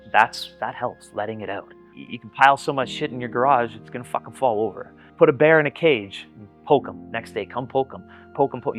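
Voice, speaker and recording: A man talks candidly about his own life in an interview, his voice sitting at an ordinary middle pitch. He is earnest and blunt, swears without a second thought and often restarts his sentences. Faint guitar music plays quietly underneath. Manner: earnest, blunt, swears freely, repeats words when starting sentences. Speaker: interviewee sharing personal experience. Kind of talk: candid personal testimony.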